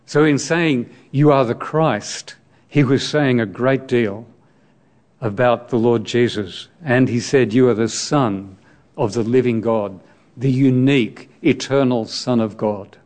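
A man's voice: medium pitch, darkish tone. A man preaching a sermon on scripture, reflective and explaining the text, asking his listeners direct questions.

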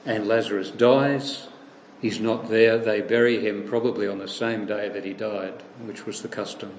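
A man preaching a sermon, retelling a story in a lively way and acting out the voices he quotes. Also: fairly low pitch, normal speed, roomy sound, a little hiss or hum, rough recording.

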